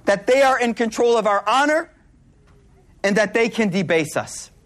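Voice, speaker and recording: A man giving a sermon to a live audience, telling stories in an animated way, laughing as he goes, and using casual slang with lots of repeated words. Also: high voice, moderate pace. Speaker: Islamic speaker.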